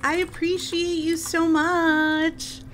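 A woman with a very high, fairly bright voice chats casually with viewers while live-streaming a game, speaking slowly with little pitch movement. She sounds apologetic and easily startled, and faint music plays behind her.

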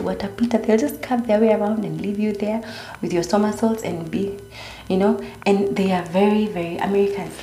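Young Kenyan woman vlogger, a little low-pitched, easygoing chat in a roomy space. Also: mellow. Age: young adult. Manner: chatty, mixing in Swahili slang. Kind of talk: casual chat. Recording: echoey room.

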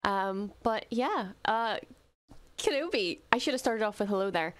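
A young woman streamer reacting to an episode, talking quietly and gushing with excitement, with plenty of swearing. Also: medium pitch, a little slow. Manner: hushed, gushing and swearing freely.

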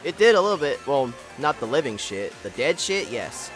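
A man's voice: a little high, big pitch swings, moderate pace, fairly bright tone, soft background music. A man hosting a casual gaming livestream, joking around and thanking viewers while he plays. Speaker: livestream host. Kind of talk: casual gaming stream chat.

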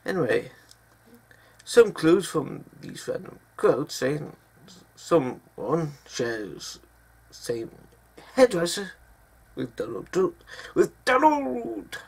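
A man rants through the day's news, his voice gravelly and husky. He swings his pitch widely and talks slowly, with frequent swearing. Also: sing-song. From Britain. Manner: profane, angry ranting with frequent swearing. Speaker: news commentary vlogger. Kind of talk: ranting news commentary.

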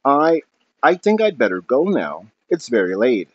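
A man's voice: mid-range voice, big pitch swings, a little slow. A man reading aloud, voicing an earnest, polite teenage boy who speaks a little hesitantly. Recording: dull lo-fi recording.

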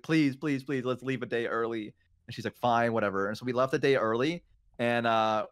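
A man's voice: mid-range voice, dry recording, studio quality. A young man chatting casually and telling stories, rambling with lots of fillers. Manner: rambling, many fillers and restarts. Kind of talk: casual chat, storytelling.

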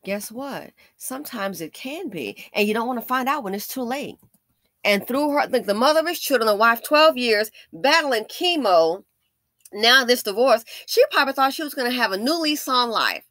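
Sassy woman ranting over a true crime story, bright forceful voice, pretty high, dry close mic. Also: animated, moderate pace, no echo. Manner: emphatic, sassy and preachy. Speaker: commentator.

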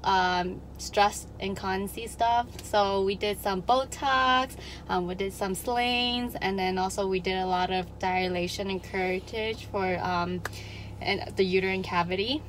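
Soft, slow young woman on a phone clip. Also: mid-range voice, fairly even intonation, slight background noise, low-quality recording. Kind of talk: casual chat.

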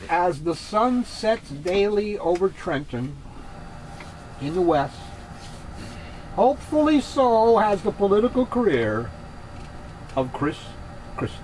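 A man co-hosting a casual political chat, who slowly reads opinion pieces aloud. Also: high voice, sing-song, darkish tone, slight background noise, rough recording. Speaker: co-host.

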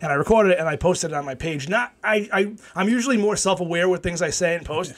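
A middle-aged man, a town councilman telling a story on a podcast in a fast, profane, rambling way full of restarts. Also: high-pitched.

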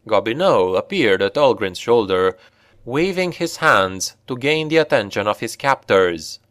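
Slow, low-voiced male storyteller. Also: no room sound, studio quality. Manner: steady, measured storytelling. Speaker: audiobook narrator. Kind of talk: scripted fantasy narration.

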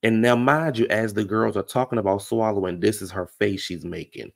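A man with a gravelly voice, pitched a little low, hosts a reality show recap. He talks in a sassy, gossipy way and keeps calling his listeners baby and honey. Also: a little fast, hardly any pauses.

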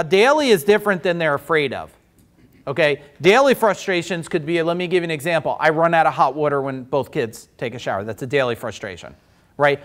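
A man who runs a business, leading a workshop and telling stories in a lively, chatty way, acting out the other people's voices. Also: a little high. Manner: animated, chatty, acts out voices. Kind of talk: storytelling in a workshop.

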